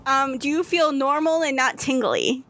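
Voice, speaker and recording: A woman's voice: high voice, lively intonation, normal speed, a bit bright. A woman running a tabletop game podcast as game master, rambling and giggly with lots of fillers.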